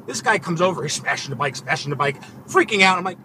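A man with a high voice chats from the driver's seat of a car, telling animated stories and swearing freely. He acts out what people said as he goes. Road and engine noise runs clearly under his voice. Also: fast, few pauses. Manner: animated storytelling, swearing freely, acting out quotes. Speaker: podcast host and rideshare driver. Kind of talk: casual chat. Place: inside a car. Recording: noisy car interior. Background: vehicle ambience.

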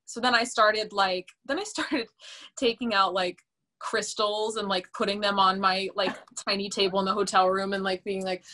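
Bright, chatty young woman telling a story. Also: mid-range voice, normal speed. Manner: animated and chatty, many fillers, laughs often. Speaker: podcast guest, musical theater performer. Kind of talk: casual interview storytelling.

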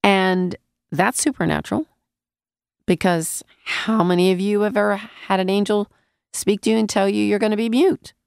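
A woman's voice: medium pitch, fairly even intonation, moderate pace, gravelly, a little mellow, clean tone, dry recording, studio quality. A woman teaching a Bible passage in a conversational sermon, speaking around a lozenge in her mouth and asking her listeners questions.

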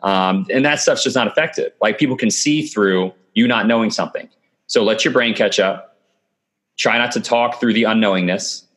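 A man's voice: lowish voice, normal speed, a bit bright. Confident man giving sales advice. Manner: confident, coaching tone with frequent "okay" and "right". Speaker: guest. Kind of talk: remote podcast interview. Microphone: video call.

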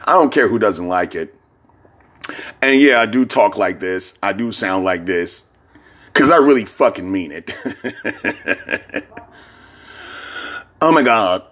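A hungover man rambling in a casual vlog, profane and laughing, sending shout-outs. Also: on the low side, expressive, takes it slowly, pauses often.

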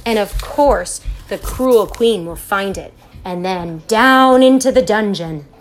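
A kindly, playful older lady from a children's storybook, voiced by a woman reader. She talks quietly and confidingly, a touch lower than the narration. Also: slow pace, slight background noise, close to an everyday voice.

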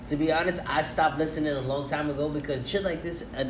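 A man's voice: on the high side, steady tone, fast, a crowd in the background. A young man co-hosting a casual podcast, teasing and incredulous, cursing freely. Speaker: podcast co-host. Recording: echoey room with background noise.

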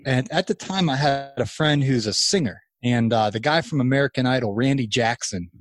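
A man in his thirties, a podcast guest, telling a long story in casual chat, animated and rambling with restarts. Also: medium pitch, fairly quick, no room sound, studio quality. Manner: animated, acts out quoted voices, rambling restarts. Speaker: podcast guest, lawn care business owner.

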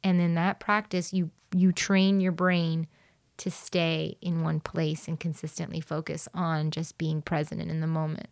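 Chatty low-voiced woman naturopath. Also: level tone, a little slow, dry recording, studio quality. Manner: chatty, acts out patients' voices. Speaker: naturopath guest. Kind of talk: casual podcast chat.

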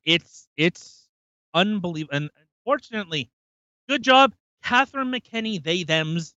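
A man rants on his podcast, swearing and circling back over his own words. His voice is bright and tense, a little higher than most men's. The audio sounds dull and lo-fi, with a dry close mic. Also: dry recording. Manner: profane, rambling, repeats himself. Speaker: podcast host. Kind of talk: casual ranting commentary.

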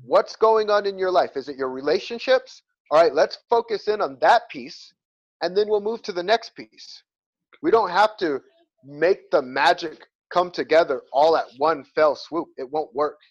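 Emphatic man speaking with high energy. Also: moderate pace. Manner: energetic and emphatic, talks in repeated phrases. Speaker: guest, motivational speaker. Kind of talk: motivational storytelling in an interview. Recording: slightly lo-fi sound.

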